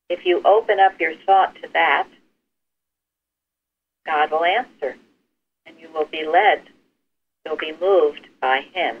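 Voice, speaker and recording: A man leading an informal Bible study discussion, speaking earnestly and encouragingly, sometimes trailing off softly. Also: fairly high pitch, slow, pauses often. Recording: tinny phone line with faint hiss.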